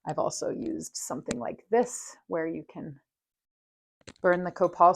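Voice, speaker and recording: A woman speaks at a slow, easy pace in a somewhat low voice, hosting her own podcast. She talks in a soft, earnest way, unhurried and sincere, as she walks through a ritual. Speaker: podcast host. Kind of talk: casual solo podcast demonstration.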